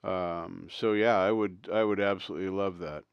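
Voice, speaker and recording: A man's voice: low voice, fairly even intonation, normal speed, creaky, clean tone, no room sound, highs cut off. A man hosting his own livestream, telling rambling stories in casual chat and chuckling as he goes. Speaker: livestream host.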